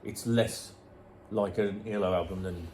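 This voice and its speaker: A man's voice: deep voice, steady tone, moderate pace, a little mellow. A man in his forties, a guest in a casual music chat, who talks hesitantly, restarts his sentences and agrees often. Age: 40s.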